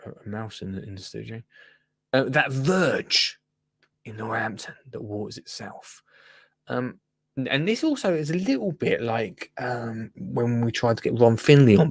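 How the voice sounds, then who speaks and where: A man's voice: medium pitch, fairly bright tone, dry recording. A man hosting a gardening show, chatting casually through the news with rambling asides. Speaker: gardening podcast host. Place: radio studio.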